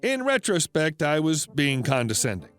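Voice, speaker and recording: A man narrating an internet story in a plain, even storytelling delivery. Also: on the high side, moderate pace, faint music behind.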